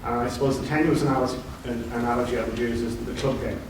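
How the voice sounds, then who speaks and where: A man's voice: mid-range voice, steady tone, quick pace. A man in the audience of a conference asks a question from the floor, hesitant and thoughtful with many fillers. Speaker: audience member asking a question. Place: university conference hall. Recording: distant, very echoey hall with noise.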